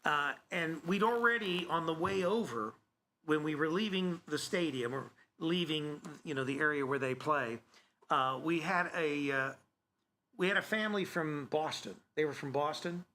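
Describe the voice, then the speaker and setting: A man tells a story in a high, bright voice. He rambles and keeps restarting with "so anyway". Faint room ambience sits behind him. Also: normal speed, slight background noise. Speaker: co-host, sports announcer. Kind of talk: casual storytelling chat.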